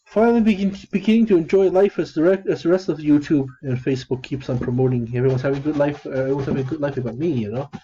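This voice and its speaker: Flat, downcast man, dull lo-fi recording. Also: on the high side, slight background noise. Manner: flat, downcast, monotone delivery; halting, many restarts and fillers. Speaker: vlogger. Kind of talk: rambling casual monologue.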